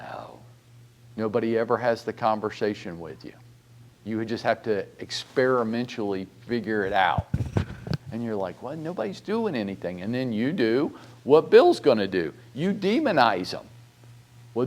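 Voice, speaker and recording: A real estate broker in middle age, medium-pitched, gives a training talk that's direct and animated. He peppers it with rhetorical questions and a bit of mild swearing.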